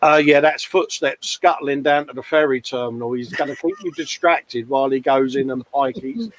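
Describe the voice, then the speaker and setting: A man's voice: medium pitch, moderate pace, poor audio. A man hosting a casual live-stream chat, matey and full of tag questions. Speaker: host.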